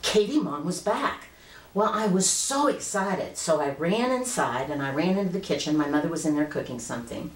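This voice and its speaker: Fifty-something woman telling a personal story, deep voice, echoey room. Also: expressive, normal speed. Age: 50s. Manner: earnest, conversational. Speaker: vlogger.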